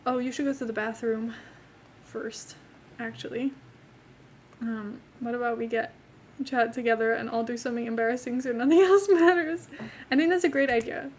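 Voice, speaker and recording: Speaking at a moderate pace in a steady, somewhat high voice, a young woman streamer casually chats with viewers as she plays a life-sim game. She rambles from one topic to another, addressing her chat and the game's characters alike. Her accent is not English.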